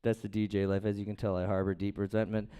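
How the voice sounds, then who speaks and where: A man's voice: on the low side, level tone, fast talker, dark tone, clear, resonant tone. A man doing a crude, rambling, self-deprecating stand-up set at an open mic in a small comedy room, speaking into a handheld stage mic.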